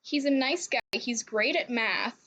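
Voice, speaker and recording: Young woman host, high voice, chatty, swears freely, rambling recap. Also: lively intonation, measured pace, crowd noise. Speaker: let's play host. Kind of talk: casual game recap chat.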